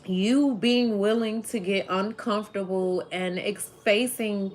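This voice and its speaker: A woman's voice: medium pitch, fairly even intonation, slow pace, faint music behind. A woman giving a spiritual tarot reading to her viewers, rambling and emotional, with many "like"s. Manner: rambling, emotional, says "like" often. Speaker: tarot reader.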